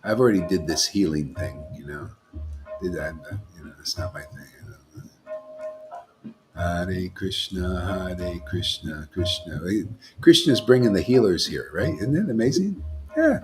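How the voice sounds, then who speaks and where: Man, low voice, monk, informal devotional talk, rambling, checks in with listeners, music playing behind. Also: sing-song, moderate pace, pauses often. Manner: rambling, keeps asking listeners "you know?". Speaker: monk leading a devotional gathering.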